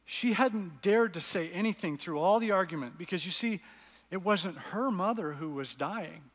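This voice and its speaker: A man preaches with earnest storytelling, reading passages aloud to his listeners. His voice sits a little high, and a long reverb of a large hall rings after his phrases. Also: lively intonation, moderate pace, a bit bright. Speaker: pastor. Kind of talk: sermon.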